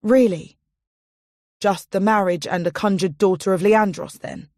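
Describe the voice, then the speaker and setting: A woman's voice: medium pitch, measured pace, a little mellow, no room sound, studio quality, lightly acted. Woman reading a worried young man. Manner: pleading and anxious.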